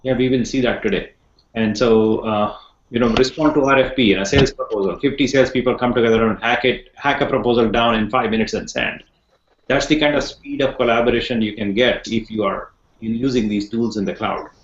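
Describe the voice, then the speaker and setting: A man's voice: mid-range voice, a little fast, slight background noise. A man teaching an online class on a video call, rambling a little, repeating words and asking his students questions. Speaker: instructor. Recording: echoey, muffled video call audio.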